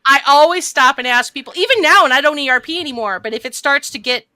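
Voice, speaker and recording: A woman's voice: high-pitched, fast, sharp tone, no room sound. A woman co-hosting a casual podcast, telling stories frankly and with emphasis. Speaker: podcast co-host. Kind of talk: casual chat.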